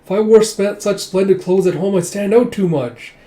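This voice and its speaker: A man voicing a timid, earnest young woman who speaks softly and politely in a roomy recording. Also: medium pitch, moderate pace, voice pushed up, natural voice. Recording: roomy echo.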